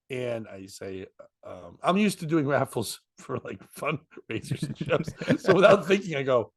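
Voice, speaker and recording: A comedian telling a story in casual chat, slipping into voices and laughing often. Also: male voice, medium pitch, brisk. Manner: animated, jumps into voices and laughs.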